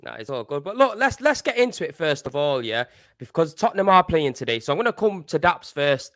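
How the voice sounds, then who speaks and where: A man's voice: fairly high pitch, sing-song, brisk, fairly bright tone, no echo, studio quality. A man hosting a casual football podcast, laid-back and slangy. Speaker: podcast host.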